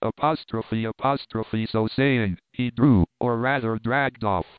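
A man's voice: mid-range voice, measured pace, clean tone, dry recording. A man reading a classic novel aloud as narrator, giving the quoted speech in much the same voice. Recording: dry tinny phone-like sound.

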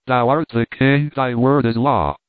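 A man's voice: medium pitch, a little slow, no room sound, natural voice. A man voicing a loyal earl who answers his king in a formal, reverent way. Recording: dry tinny phone-like sound.

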